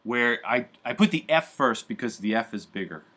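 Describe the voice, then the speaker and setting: A man's voice: mid-range voice, animated, normal speed, fairly bright tone. A man teaching a live university calculus class, talking casually with lots of fillers and joking asides. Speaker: university math professor.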